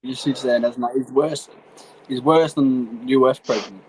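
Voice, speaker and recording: A man's voice: medium pitch, fairly even intonation, moderate pace, a little mellow, slight background noise, poor audio. A man speaking hesitantly in a casual chat, swearing and restarting sentences.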